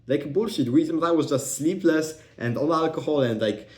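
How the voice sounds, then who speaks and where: A man's voice: fairly high pitch, normal speed. A young man telling a personal story in a rambling, casual way, swearing often and restarting his sentences. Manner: rambling, profane, with many fillers and restarts. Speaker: vlogger. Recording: roomy echo.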